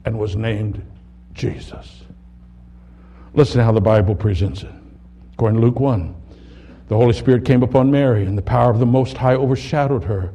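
A man preaching a sermon, reading scripture aloud, dropping to a near whisper and rising to loud emphasis, slowing down on key words. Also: mid-range voice, slightly rough. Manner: dramatic swings from hushed to loud, slows on key words.

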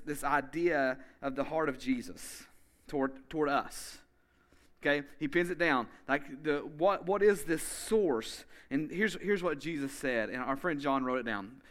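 A man preaching a sermon as pastor, emphatic and energetic, speeding up in bursts and slowly repeating key phrases. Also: a little high. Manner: energetic, with quick bursts of speech.

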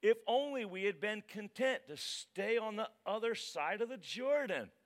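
A man voicing a distraught biblical leader who cries out to God in loud, pleading complaint. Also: lively intonation, normal speed. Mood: anguished. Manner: loud, pleading, high-pitched.

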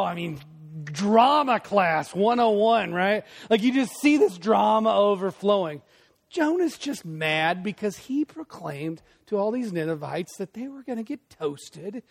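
A male pastor preaching a sermon in a conversational way, with loud bursts, hushed emphasis and frequent asides to the congregation. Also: high voice, gravelly.

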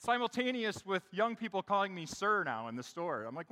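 A middle-aged man delivers a sermon from the front of a church. His voice sits high and sounds bright. He tells the story in a conversational way and often speaks straight to his congregation, and the long reverb of the big room hangs on his words. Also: big pitch swings, a little fast. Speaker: pastor. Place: church sanctuary.

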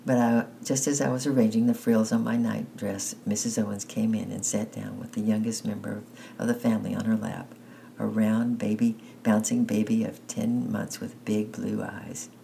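A man reading a children's story aloud in an unhurried way, with small slips and restarts. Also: on the low side, level tone, vocal fry, mellow, a little hiss or hum, poor audio. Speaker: narrator.

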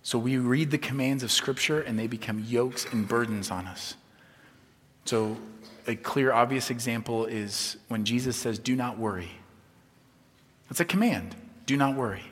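Male pastor, sermon delivery, conversational with humor, soft-to-emphatic swings, long hall reverb. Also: medium pitch, moderate pace.

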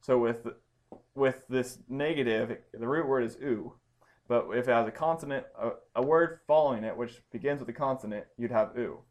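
A man's voice: medium pitch, normal speed. A man teaching a Bible study lesson, explaining Greek grammar step by step with frequent ums and restarts.

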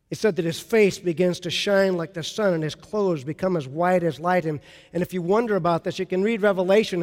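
High-voiced preacher in a reverberant hall. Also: male voice. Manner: animated storytelling, acts out excited quotes. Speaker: pastor. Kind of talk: sermon.

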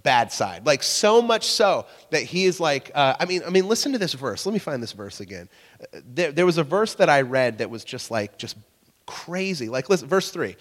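A man's voice: medium pitch, big pitch swings, normal speed. A young man preaching a sermon as pastor, telling stories in a casual, self-deprecating way and asking the congregation questions. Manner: conversational storytelling, self-deprecating. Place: church hall. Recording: long reverb of a church hall.

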